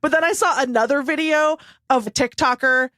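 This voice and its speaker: A woman co-hosting a podcast in casual chat, joking and reacting quickly with lots of laughter. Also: high-pitched, sharp tone, no room sound, clean studio sound. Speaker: podcast co-host.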